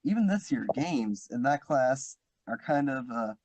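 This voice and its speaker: A man's voice: mid-range voice, lively intonation, measured pace, a little mellow, no echo. A teenage boy hosting a casual podcast chat with friends, talking easily and laughing often. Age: teens. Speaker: podcast host.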